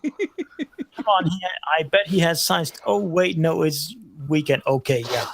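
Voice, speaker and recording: A man's voice: fairly high pitch, expressive, measured pace, creaky, fairly bright tone, low-quality recording. A man on a veterans' panel, joking around in a casual chat. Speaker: panel member.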